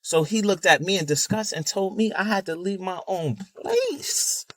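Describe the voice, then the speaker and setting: A man's voice: sits high, animated, normal speed, fairly bright tone, dry recording. A man telling a personal story in an emphatic, casual way, repeating words and using fillers like "you know.". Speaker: video creator.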